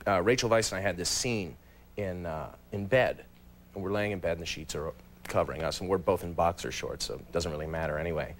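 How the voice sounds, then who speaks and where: A man's voice: sits low, slight background noise. A man in his thirties, a guest actor telling a self-deprecating story on a talk show.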